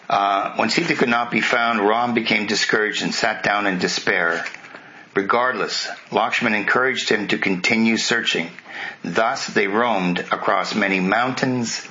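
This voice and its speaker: Man, bright forceful tone, conversational scripture storytelling, faint background hiss. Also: fairly low pitch. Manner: conversational, with asides to listeners. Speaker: spiritual teacher. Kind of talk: retelling scripture with commentary. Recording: muffled lo-fi recording, faint hiss.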